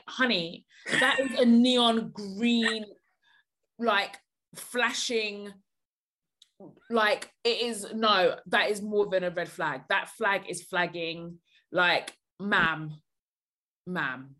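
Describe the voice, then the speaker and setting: A woman's voice: mid-range voice, drawn-out words, long pauses, pushed and bright. A woman hosting a podcast, giving blunt, emphatic advice in casual chat.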